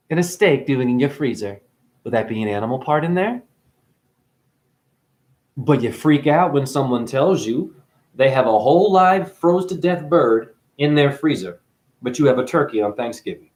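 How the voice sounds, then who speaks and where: A man's voice: medium pitch, a little mellow. A man delivering a profane, preachy spiritual rant straight at his viewers, swearing freely as he lectures them. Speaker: vlogger.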